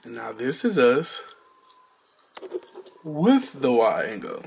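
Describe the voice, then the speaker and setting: A man's voice: mid-range voice, big pitch swings, slow pace, gravelly, pauses often, a little mellow, slight background noise. A man chatting casually to viewers in a vlog, talking straight to them and exclaiming often. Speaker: vlogger. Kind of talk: casual vlog chat to camera.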